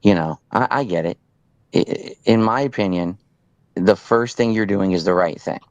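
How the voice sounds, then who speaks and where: Picture a drunk man on a late-night call, his voice sitting low as he rambles on with earnest reassurances. He keeps circling back over the same points with a sympathetic push. The sound is dry, with no room around it. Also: moderate pace, a little mellow, no echo, highs cut off. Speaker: streamer on a call.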